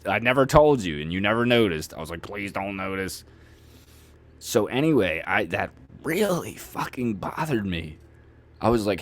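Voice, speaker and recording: A man hosting a podcast, telling personal stories in a candid, conversational way, swearing freely and with dark humor. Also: lowish voice. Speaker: podcast host. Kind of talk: personal storytelling monologue.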